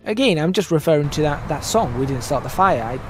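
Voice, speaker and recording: A man's voice: on the high side, animated, fairly quick, soft background music. A man casually commentating on a strategy game, thinking aloud and correcting himself as he goes, his voice drifting in and out from the microphone. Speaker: gaming channel host. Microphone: desk microphone, voice drifting in and out.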